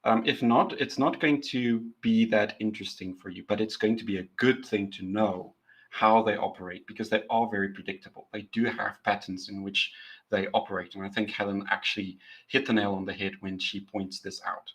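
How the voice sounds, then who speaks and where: A man's voice: lowish voice, steady tone, a little fast, a bit bright, breathy edge, poor audio. A man co-hosting a casual podcast book review, laughing often and repeating words as he starts his sentences. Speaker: podcast co-host. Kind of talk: casual chat.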